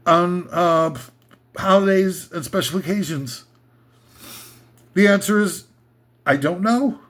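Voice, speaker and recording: A man delivering an irreverent comedic rant in a rambling, crude, sarcastic way. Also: high voice. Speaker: comedy commentator.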